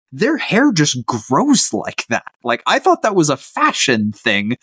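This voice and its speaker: Male podcast co-host, middle pitch, relaxed chatty delivery, dry close recording. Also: takes it slowly, few pauses, no echo. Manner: chatty, amused, many "like" fillers. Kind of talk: casual chat.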